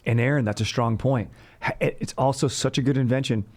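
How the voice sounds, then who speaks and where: A man's voice: mid-range voice, steady tone, brisk, darkish tone. A man hosting a podcast, chatting casually about history with a rambling, jokey style and constant "dude" asides. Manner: slangy bro talk, says "dude" constantly. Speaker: podcast host. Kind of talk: casual comedic history chat.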